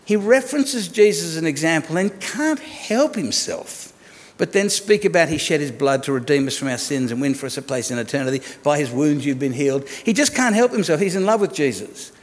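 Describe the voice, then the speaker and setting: A man in his fifties preaching a sermon, his fairly high voice carrying a long echo through the church hall. He talks conversationally, asking the listeners rhetorical questions as he goes. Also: animated, fairly quick. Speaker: pastor.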